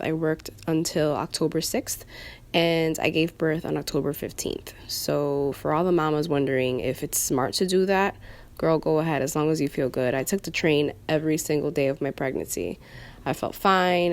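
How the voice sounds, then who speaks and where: A young woman vlogger chatting candidly and casually, with slangy, chatty talk. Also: sits low. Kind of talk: casual chat. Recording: echoey room, faint background noise.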